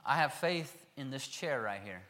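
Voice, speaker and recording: A man preaching a sermon, reading scripture aloud and then acting out the characters in lively voices. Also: medium pitch, normal speed.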